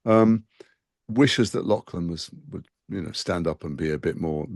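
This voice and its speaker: A man being interviewed about a role he played, talking quickly in a conversational way with frequent restarts. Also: low voice, creaky, darkish tone, no room sound, clean studio sound. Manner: talks fast with frequent restarts and fillers. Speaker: actor interviewed as guest.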